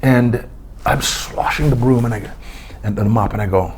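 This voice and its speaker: A man's voice: mid-range voice, normal speed, a little mellow, a little hiss or hum. A man telling stories as an interview guest, acting out quotes and laughing often. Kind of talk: storytelling interview.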